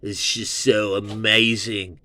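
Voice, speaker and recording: A man's voice: lowish voice, little pitch movement, slow, bright, forceful tone. A man in his fifties from Southern California, hosting his own show with a casual, rambling, profane music review. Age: 50s. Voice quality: profane, meandering, full of fillers.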